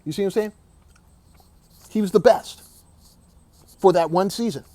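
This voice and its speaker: A man's voice: high-pitched, moderate pace, warm tone, no room sound. A man giving an emphatic, opinionated sports rant, repeating himself and saying "dog" often. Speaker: sports commentator.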